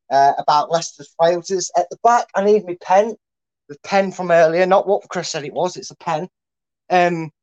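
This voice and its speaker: A man's voice: on the high side, poor audio. Chatty man explaining football tactics. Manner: chatty, lots of fillers and restarts while explaining. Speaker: co-host, tactics analyst. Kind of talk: casual football tactics breakdown.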